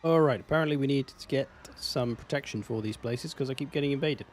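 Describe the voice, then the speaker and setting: A man's voice: mid-range voice, fast talker, slight background noise. A man with an English accent, casually commenting on a strategy game on a live stream, swearing now and then and answering chat. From England. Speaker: gaming streamer.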